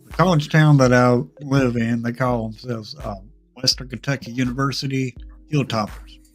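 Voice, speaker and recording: A man's voice: mid-range voice, fairly even intonation, normal speed, faint music behind. A man joining a casual stream chat, mostly making short, laid-back remarks. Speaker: caller.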